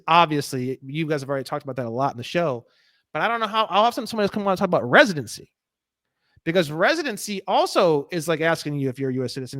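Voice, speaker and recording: A man in a casual interview, talking in an animated, profane, ranting way. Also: fairly high pitch, no room sound. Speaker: guest.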